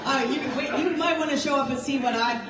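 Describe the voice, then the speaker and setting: A woman's voice: high-pitched, fast talker, heavy background noise. A woman party chair, tired from little sleep, talking casually to a crowd in a rambling, self-mocking way and laughing between thoughts. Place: large indoor meeting room with a crowd. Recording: echoey hall, voice from far off.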